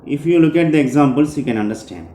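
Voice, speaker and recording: A male teacher giving a grammar lesson, explaining slowly and repeating himself, often starting with "so". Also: a little high, lively intonation, mellow, reverberant. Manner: slow, repetitive explaining with frequent "so".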